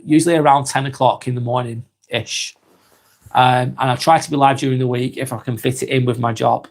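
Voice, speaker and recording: A man in his forties with an East Lancashire accent, hosting a live stream and reading out viewer comments in a slow, halting way with many ums. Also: medium pitch, fairly even intonation, gravelly. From England. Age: 40s.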